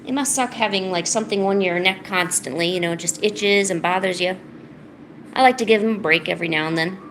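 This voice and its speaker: A woman's voice: mid-range voice, a little fast, a bit bright, a little hiss or hum. Playful woman cooing at her cats. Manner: teasing, chatty, laid-back. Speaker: art streamer. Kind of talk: casual chat while painting. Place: at home.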